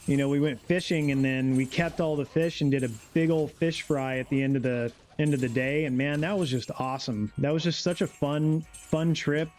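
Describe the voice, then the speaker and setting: A man's voice: a little high, darkish tone. A man streaming a game live, chatting casually in a laid-back, rambling way and reading chat aloud.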